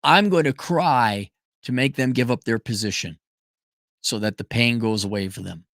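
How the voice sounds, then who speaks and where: A man's voice: normal speed, no room sound, studio quality. A middle-aged man hosting a livestream, answering viewer questions in a blunt, profane, emphatic way. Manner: profane, emphatic, animated pitch jumps. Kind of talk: blunt opinionated livestream chat.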